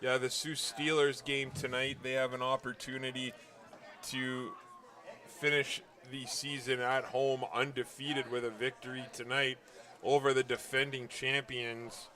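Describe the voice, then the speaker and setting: A man's voice: mid-range voice, flat delivery, a little slow, bright, forceful tone. A man giving chatty live football commentary, laughing often and speeding up on big plays. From Northern Ontario. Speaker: color commentator.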